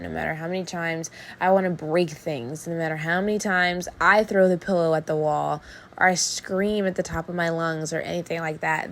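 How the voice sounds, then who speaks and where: Young woman, solo podcast host, earnest, emphatic, repeats phrases, lowish voice, faint background hum. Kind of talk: personal solo podcast talk.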